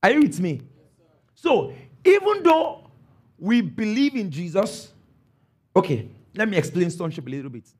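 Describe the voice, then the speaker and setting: A man preaching a sermon, emphatic, stopping often to ask his listeners if they follow and sometimes rising to a shout. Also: high voice, very animated, a little slow, pauses often, breathy edge. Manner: emphatic, calls for congregation responses; rises to shouts on key phrases.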